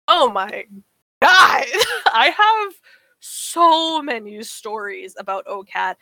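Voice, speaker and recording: A young woman co-hosting a chat podcast, her voice bright and clear, pitched a little high. She tells stories in an animated, profane way, acting out every line people said to her. The sound is dry and close. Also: takes it slowly, no echo. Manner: profane, animated storytelling, acts out quotes. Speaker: podcast co-host. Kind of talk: casual chat.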